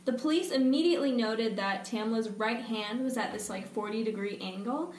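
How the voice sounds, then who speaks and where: A woman's voice: on the high side, moderate pace, a little mellow. A young woman co-hosting a podcast, telling a case in casual chat with wry, dry asides. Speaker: podcast co-host. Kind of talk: casual true-crime chat. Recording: roomy, slightly distant mic with faint noise.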